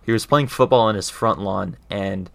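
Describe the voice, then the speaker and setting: Male speaker with a fairly low voice, earnest and conversational, explains ideas and often pauses to check in with his listener. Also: creaky, no room sound. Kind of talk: casual explanatory talk.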